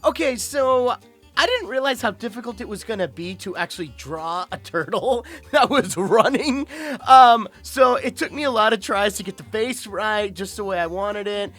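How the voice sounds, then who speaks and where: A man's voice: high-pitched, expressive, normal speed, a bit bright, faint music behind. A young man and voice actor hosting a casual chatty video in a playful, giggly way. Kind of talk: casual chat.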